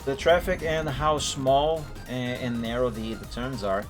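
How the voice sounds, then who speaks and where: Casual man streamer, mid pitch, music playing under him at a home setup. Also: fairly even intonation, a little slow. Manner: rambling, self-correcting, chuckling. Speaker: game streamer. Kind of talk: casual gameplay commentary.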